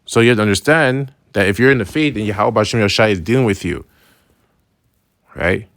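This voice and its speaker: A religious teacher with a lowish, fairly bright voice gives a casual Bible lesson a little fast, in loose, slangy phrasing full of restarts. He's conversational and keeps checking in with "right?", recorded in clean studio sound with no echo.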